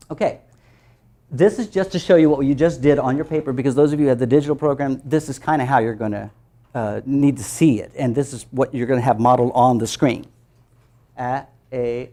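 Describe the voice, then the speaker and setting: A man training teachers in a workshop, talking lively and sounding out letter sounds for them. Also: medium pitch, fairly quick. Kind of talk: workshop presentation.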